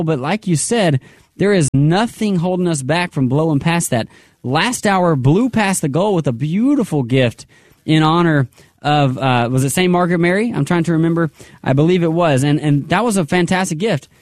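A man with a fairly high voice hosts a radio pledge drive in an upbeat way. He prays aloud between appeals and keeps repeating the phone number. The studio sound is dry and close. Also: animated, brisk, darkish tone, no room sound. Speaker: radio fundraiser host.

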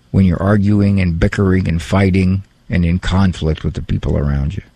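An animated man talking about parenting with a gravelly, husky edge to his voice. His pitch swings widely as he jumps into playful impressions. The sound is close and dry. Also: no echo. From Italian heritage. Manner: animated, mimics voices for humor. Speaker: psychologist. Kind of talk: casual talk on parenting and faith.

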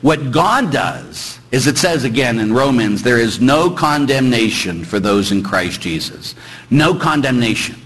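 A middle-aged man, a priest, preaching a lively sermon full of teasing rhetorical questions. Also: medium pitch, unhurried, husky, low-quality recording. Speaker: Catholic priest.

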